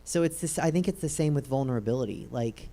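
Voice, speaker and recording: A woman hosting an interview at a comedy theater, relaxed, wry and conversational. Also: a bass voice, fast talker. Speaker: host. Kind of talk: casual interview chat.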